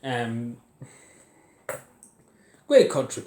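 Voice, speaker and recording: A young vlogger from Ireland, very animated, draws out his words in a mellow mid-range voice while angrily ranting to camera at home. He curses and laughs bitterly about what he's describing. Recorded on a sideways phone or camera in an echoey room, the audio has a little hiss or hum.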